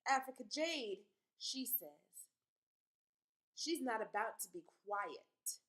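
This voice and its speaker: Actress doing a proud dreamy woman, folksy talk, bright high voice, whispers then yells. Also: lively intonation, slow, poor audio. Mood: dramatic. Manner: southern-style dialect, swinging between whispers and shouts. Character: proud dreamy young woman telling her story. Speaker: auditioning actress. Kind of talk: dramatic monologue for a stage audition.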